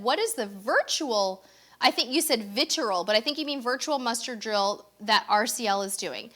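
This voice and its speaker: A woman's voice: on the high side, fairly bright tone. A middle-aged woman co-hosting a casual cruise live stream, reading viewer comments aloud with bubbly, effusive exclamations.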